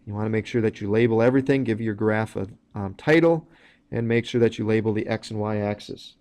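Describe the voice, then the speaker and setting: A man's voice: fairly low pitch, brisk, a little mellow. A man teaching a recorded math lesson, walking through each step plainly with some fillers. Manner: plain explanatory, walks through steps with fillers.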